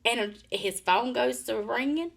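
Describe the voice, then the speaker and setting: An older woman, a podcast co-host telling animated stories and laughing often. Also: fairly high pitch, a little slow, vocal fry. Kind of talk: casual chat. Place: Nashville area.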